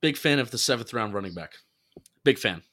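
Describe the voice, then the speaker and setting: A man's voice: mid-range voice, animated, fairly quick, fairly bright tone. A man with a Philadelphia accent, co-hosting a casual sports podcast in a playful, easygoing way. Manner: playful, laughs easily. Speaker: podcast co-host.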